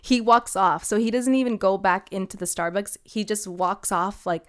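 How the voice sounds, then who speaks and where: A young woman co-hosting a podcast, telling a story in casual chat, animated and laughing often. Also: medium pitch, moderate pace, clean tone. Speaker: podcast co-host.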